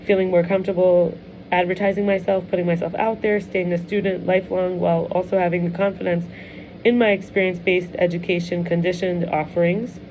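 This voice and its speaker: A middle-aged woman speaking in a low, mellow voice, candid and confessional as she reflects on her year. Her talk rambles and restarts in a personal vlog way. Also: level tone, a little fast, highs cut off, soft background music. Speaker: wellness coach and teacher.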